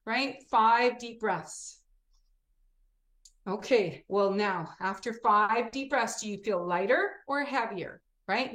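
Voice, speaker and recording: A woman teacher talking in an interview, expressive, often acting out classroom examples and asking "right?". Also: fairly high pitch. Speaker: teacher and children's program creator. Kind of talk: animated interview talk. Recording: echoey room.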